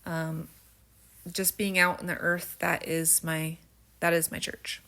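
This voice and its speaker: A woman's voice: fairly low pitch, little pitch movement, slow, sharp tone. A woman chatting casually as she tells stories on her craft stream, rambling with many fillers and a slight stutter, a faint rural American twang surfacing now and then. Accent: slight rural American twang at times. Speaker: vlogger. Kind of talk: casual storytelling while crafting.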